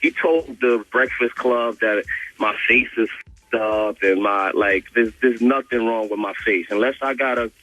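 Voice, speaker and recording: A young man calling in to a radio show, telling a story in a casual, animated way, swearing freely and filling his speech with "like" and repeated words. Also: fairly low pitch, moderate pace, rough recording. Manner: animated, profane, full of "like" and repeats.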